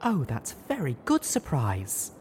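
A man voicing a gentle, shy female pegasus pony who speaks softly and coos in a raised, breathy voice. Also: high-pitched, huge pitch swings, a little slow, a little hiss or hum, voice pushed up, full character voice. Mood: gentle, cooing. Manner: soft, breathy, cooing.

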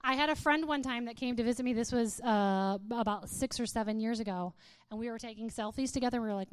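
High, smooth-voiced playful woman speaker. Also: quick pace, no room sound. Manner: playful, laughing, reading aloud with mock drama. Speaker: speaker addressing an audience. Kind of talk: humorous talk to a live audience.

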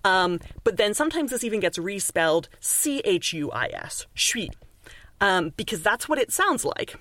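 A woman's voice: medium pitch, very animated, normal speed, a bit bright, dry recording. Chatty explaining woman from Canada. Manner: chatty and explanatory, with frequent fillers and restarts. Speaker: author and linguist guest. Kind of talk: casual podcast interview.

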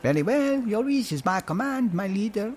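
A man voicing a servile male henchman who speaks in a high, soft, fawning way. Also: sing-song, moderate pace, faint music behind.

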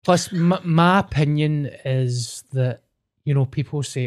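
A man's voice: fairly high pitch, unhurried. Scottish man, young adult, podcast co-host, chatty, sweary, casual chat.

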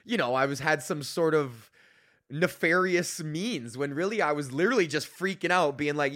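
A young man, hosting a podcast in a casual, profane rant, animated and mocking the people he quotes. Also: a little high, moderate pace. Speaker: podcast host.

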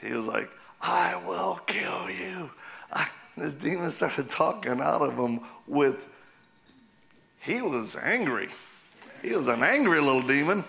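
A man's voice: medium pitch, lively intonation, unhurried, vocal fry, pushed and bright. A man preaching a humorous sermon in a church, telling stories, asking the crowd questions and laughing often. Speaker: guest preacher. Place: church sanctuary.

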